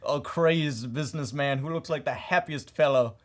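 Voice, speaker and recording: A man voicing a genteel, old-fashioned gentleman who drinks scotch, in a tabletop role-play. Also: on the high side, moderate pace, close to an everyday voice. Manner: genteel, old-timey phrasing.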